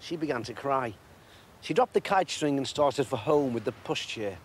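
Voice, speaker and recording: A man reading a storybook aloud in an expressive, measured way. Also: medium pitch, a little hiss or hum.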